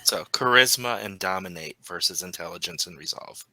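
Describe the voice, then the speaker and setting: A man running a tabletop role-playing game as storyteller, narrating in an unhurried, halting way with frequent ums. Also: sits low, pushed and bright, slight background noise, rough recording.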